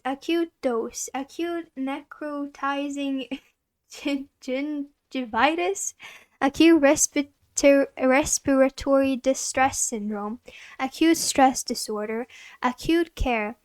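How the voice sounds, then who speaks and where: High-pitched woman reading dictionary words. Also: dry recording. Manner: giggly, stumbles over hard words. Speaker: vtuber. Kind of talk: reading dictionary entries aloud.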